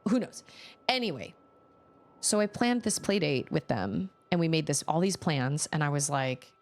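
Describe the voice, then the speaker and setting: Lively, low-pitched woman streamer rambling. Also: normal speed. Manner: rambling, self-conscious, many restarts. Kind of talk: casual storytelling while playing a game.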